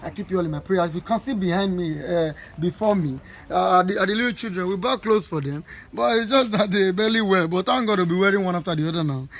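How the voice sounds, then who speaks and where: High-voiced Nigerian man blessing supporters. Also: quick pace, few pauses, rough recording. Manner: earnest, repetitive, blessing-giving. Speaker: charity foundation founder. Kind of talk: live video address to supporters.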